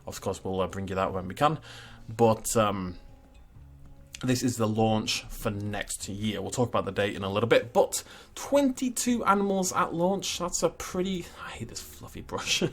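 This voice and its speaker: A man's voice: lowish voice, sing-song, moderate pace. A man hosting a gaming channel, casually talking through video game news in a chatty, rambling way with asides and chuckles.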